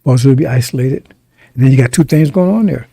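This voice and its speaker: A man's voice: mid-range voice, fast talker, gravelly, dark tone, husky, no room sound. A man preaching a sermon in an emphatic, repetitive way, often turning to ask his listeners if they understand.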